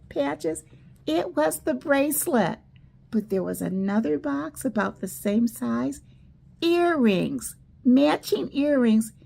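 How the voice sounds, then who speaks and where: Slow, gravelly woman telling a Bible story. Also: on the high side. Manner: slow, animated storytelling with quoted voices. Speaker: church school teacher. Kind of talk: children's Bible lesson storytelling.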